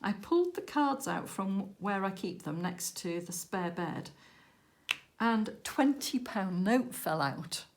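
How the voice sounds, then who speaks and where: Woman, crafting vlog host, casual storyteller with animated quoted dialogue. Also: medium pitch, normal speed. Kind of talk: casual chat while crafting.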